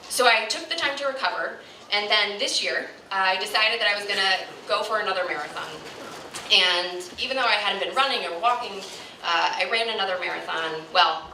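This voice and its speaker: A woman's voice: mid-range voice, pushed and bright, slight background noise. A woman in her thirties giving a heartfelt speech at a fundraiser, earnest, with many ums. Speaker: fundraiser speaker. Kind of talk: speech to a crowd. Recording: echoey room from far off.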